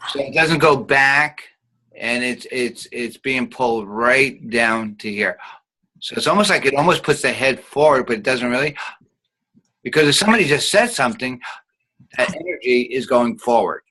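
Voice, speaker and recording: A man's voice: medium pitch, expressive, normal speed, pushed and bright, rough recording. A man teaching an online acting class, guiding students patiently and showing each sound with hums.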